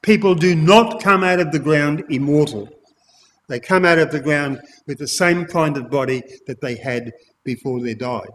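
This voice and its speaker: A man preaching an expository sermon, emphatic, repeating key phrases and addressing his listeners as ladies and gentlemen. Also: fairly high pitch, moderate pace, a little hiss or hum. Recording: long hall reverb.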